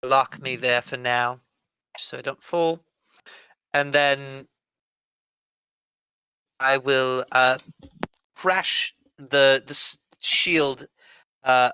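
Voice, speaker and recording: A man's voice: mid-range voice, pushed and bright, smooth, no echo, rough recording. A man playing a tabletop game, asking careful, methodical questions about the rules. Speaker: player. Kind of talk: casual tabletop game chat.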